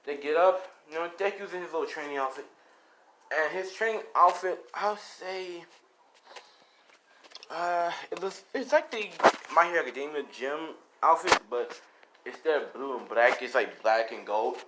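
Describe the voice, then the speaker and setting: A man's voice: fairly high pitch, moderate pace, noisy background. A man narrating an improvised fan story in a rambling, self-correcting way, with casual swearing.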